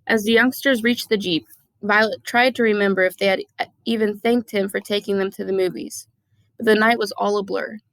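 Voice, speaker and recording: A woman's voice: mid-range voice, steady tone, normal speed, fairly bright tone, no echo, low-quality recording. A woman reading a children's novel aloud, narrating chapter by chapter with chatty asides and the odd stumble over rare words. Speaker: audiobook reader.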